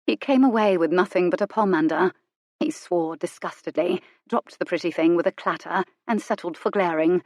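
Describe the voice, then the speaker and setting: A woman narrating a romance audiobook in a measured, wry storytelling manner. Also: on the low side, dry recording, studio quality. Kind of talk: scripted narration.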